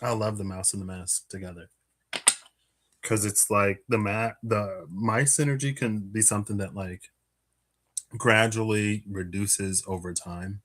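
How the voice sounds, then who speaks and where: A man with a fairly low voice gives a relaxed, casual card reading, thinking out loud as he lays out the cards. He pads his talk with fillers and soft chuckles and sounds a little out of breath. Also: unhurried. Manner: musing aloud, many fillers and little laughs. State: a bit out of breath. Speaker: tarot and Lenormand card reader.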